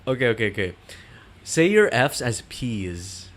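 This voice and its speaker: A man's voice: mid-range voice, very animated, measured pace, over a noisy crowd. A man playing a video game with friends, in teasing, joking casual chat. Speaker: game player, co-host.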